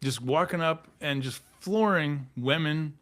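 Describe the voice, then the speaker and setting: A man's voice: a little high, a little slow, a bit bright. Rambling man on a podcast. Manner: rambling, hesitant, many restarts and fillers. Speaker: podcast co-host. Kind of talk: casual political podcast chat.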